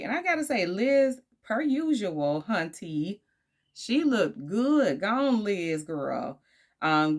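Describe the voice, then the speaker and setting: Low-voiced sassy woman reviewing TV. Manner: animated, laughing asides, slangy and sassy. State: tired, late at night. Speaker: YouTuber reviewing a dating show. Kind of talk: casual chatty review.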